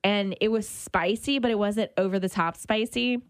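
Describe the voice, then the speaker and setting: A woman's voice: mid-range voice, moderate pace, dry recording, studio quality. A woman hosting a local radio food show, chatting casually about restaurants and dishes she tried. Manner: chatty, animated about food, self-conscious laughs. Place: radio studio.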